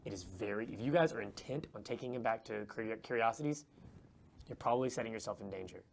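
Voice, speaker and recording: A man voicing a serious, protective adventurer in a tabletop game, speaking low and urgently. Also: animated, fast, gravelly, slight background noise. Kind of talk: tabletop role-play voicing.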